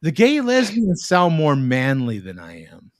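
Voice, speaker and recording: A man's voice: on the high side, huge pitch swings, unhurried, no echo. A man hosting a casual live-stream chat over a video call, joking and teasing. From Southern California. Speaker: show host.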